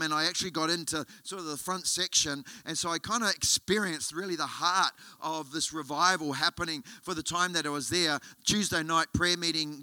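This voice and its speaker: A man's voice: high voice, sharp tone, no echo. An Australian man preaching as a guest pastor, telling a story and building to emphatic, rising appeals. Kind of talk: sermon. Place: church auditorium.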